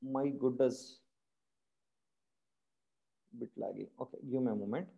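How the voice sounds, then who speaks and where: A man's voice: mid-range voice, a little slow, vocal fry, dark tone, highs cut off. A man with an Indian English accent teaching a live online programming class, who keeps quizzing his students with repeated questions and tag questions. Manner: calls his class "my dear friends".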